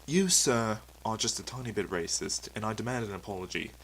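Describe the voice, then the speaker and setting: A man's voice: lowish voice, animated, brisk, fairly bright tone, a little hiss or hum, rough recording. A man voicing a touchy, boastful metal superhero man with a British accent and a pompous, easily offended manner. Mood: indignant. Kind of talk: comedy sketch acting.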